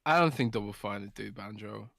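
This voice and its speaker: A man's voice: fairly low pitch, a little fast, gravelly, bright, forceful tone, no room sound, studio quality. Drunk, sweary man on a podcast. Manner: loose, rambling and sweary. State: drunk, slurring words. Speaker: podcast co-host. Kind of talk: casual podcast chat.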